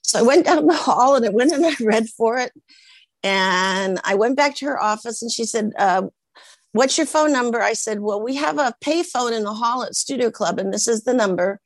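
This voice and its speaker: A woman's voice: fairly high pitch, moderate pace, no room sound, rough recording. A woman over sixty from the United States, a guest actress telling stories in an interview and acting out the voices of the people she quotes. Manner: animated, acts out quoted voices in her stories. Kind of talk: conversational storytelling in an interview.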